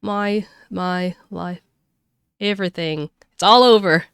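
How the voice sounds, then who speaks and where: A woman's voice: medium pitch, slow pace, clear, resonant tone. A woman voicing a melodramatic young man from a game in a put-on country accent, wailing in despair. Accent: put-on Southern US country. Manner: wailing, over-the-top despair.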